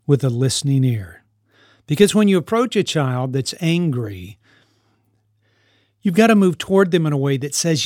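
A man's voice: a little high, sing-song, normal speed, pauses often, darkish tone, dry recording, studio quality. A man who mentors teenagers gives an earnest parenting talk, often repeating and restarting his phrases. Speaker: youth mentor living with teens.

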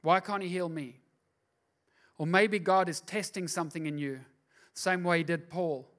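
Aussie pastor guy preaching, fairly high voice, goes quiet then builds up loud, repeats stuff for punch. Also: a little slow. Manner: shifts from hushed, intimate asides to loud, driving preaching; repeats words for emphasis. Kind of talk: sermon.

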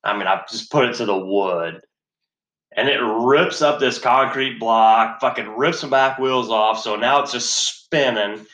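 A man's voice: mid-range voice, measured pace, fairly bright tone, roomy sound. A man telling a story in a profane casual chat, swearing heavily, sighing and laughing as he talks.

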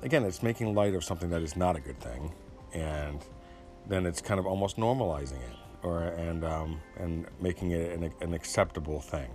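A man giving his opinions in a casual spoken monologue, rambling and pausing often with fillers and restarts. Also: low-pitched, darkish tone, soft background music. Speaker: commentator.

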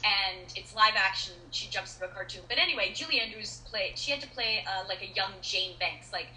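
A middle-aged actress chatting as an interview guest, telling stories in an animated way with many restarts and fillers. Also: female voice, mid-range voice, a little fast, a little hiss or hum. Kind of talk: casual interview chat. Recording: roomy echo.

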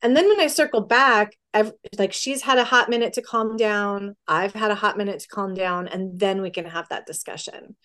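Middle-aged woman talking parenting on a podcast, mid-pitched, slips into quick little voices for the kid. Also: fairly bright tone. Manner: acts out parent-child dialogue with quick quoted voices. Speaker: parenting guest. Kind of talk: conversational podcast advice.

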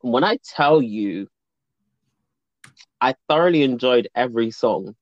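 A man's voice: mid-range voice, expressive, measured pace, no echo. A man hosting a casual chat, playful and giggly, breaking into bits of song. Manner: playful, giggly, bursts into singing. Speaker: podcast host. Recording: dull, dry, lo-fi sound.

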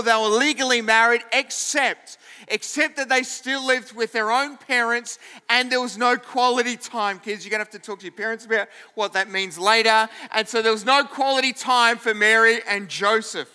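A man's voice: very high voice, sharp tone, smooth, in a large hall. A man preaching a sermon to a church, playful and conversational, acting out scenes for the congregation. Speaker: pastor.

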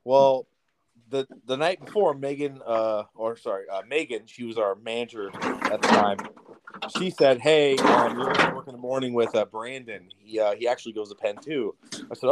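A man's voice: medium pitch, brisk, slight background noise. Profane young man telling a story. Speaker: podcast co-host. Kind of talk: casual storytelling over beers.

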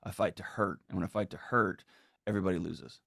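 A man's voice: low voice, steady tone, fast talker, vocal fry, a bit bright, slightly rough, no echo, studio quality. A middle-aged man talking earnestly and with emphasis on a podcast, acting out quoted lines as he goes. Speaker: guest. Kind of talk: conversational podcast talk.

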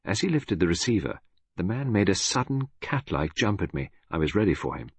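A male narrator reading a story aloud in a low, slightly husky voice. His delivery is expressive, with pitch moving widely from line to line. The recording is dry and close. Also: brisk, no echo. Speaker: audiobook narrator. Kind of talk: scripted narration.

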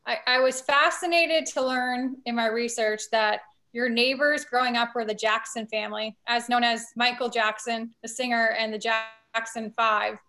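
A woman hosting an interview, asking measured questions. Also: fairly high pitch, fairly even intonation, sharp tone. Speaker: host.

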